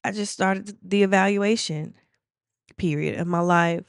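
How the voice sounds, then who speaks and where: A woman in her forties who hosts a faith podcast, telling her own story in an earnest, emotional way with halting restarts. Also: medium pitch, steady tone, no echo, studio quality. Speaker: podcast host. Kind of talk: personal testimony.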